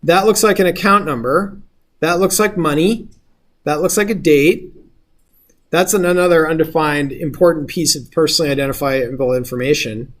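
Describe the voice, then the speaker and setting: A man's voice: on the high side, normal speed. A male instructor giving a casual lecture, explaining step by step and often checking if the class follows.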